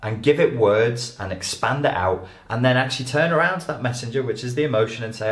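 A man giving an animated, emphatic lecture to an audience as a life coach. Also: mid-range voice, fairly quick, few pauses. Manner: animated, emphatic, acts out quoted voices. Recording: echoey room.

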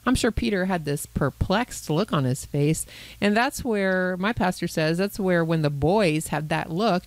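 Low-voiced woman retelling a parable. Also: dry recording, poor audio. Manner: animated storyteller who voices characters. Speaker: Christian counselor and co-host. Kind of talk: conversational Bible teaching.

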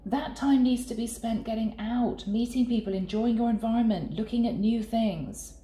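A woman giving a channeled tarot reading in an earnest, soft and sometimes emotional way. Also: a little high, moderate pace. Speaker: tarot reader. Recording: echoey room with faint ambience.

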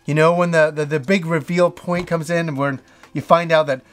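A middle-aged man hosts a casual show, gushing over films he loves. His voice sits high, and he rambles with eager restarts and the occasional swear word. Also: fairly even intonation, normal speed. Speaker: host. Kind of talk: casual movie list talk.

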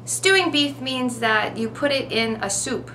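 A woman teaching vocabulary at a very slow, deliberate pace, repeating each word and asking "okay?" as she goes. Her voice is bright and slightly high. A faint hum runs underneath. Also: lively intonation. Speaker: ESL teacher.

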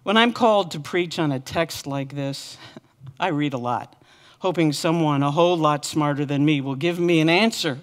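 A woman's voice: sits low, normal speed. A woman pastor preaching a sermon with earnest, impassioned repetition. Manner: earnest, impassioned repeated lament.

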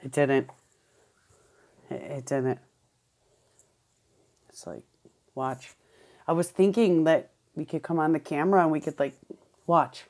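A woman's voice: on the low side, a little slow, pauses often. A woman recording a candid personal vlog at home, rambling, repeating words and swearing. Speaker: vlogger. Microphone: headphones with camera.

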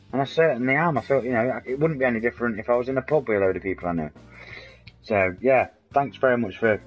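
A man's voice: medium pitch, a bit bright, muffled recording. A man, chatting and rambling in a matey way to viewers of his game stream. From England. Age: 40s. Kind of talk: casual live-stream chat.

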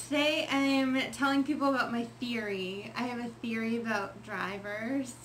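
A woman vlogger talking casually to the camera in a chatty, expressive way, acting out her own reactions as she explains an idea. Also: fairly high pitch, normal speed, background noise. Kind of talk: casual vlog monologue.

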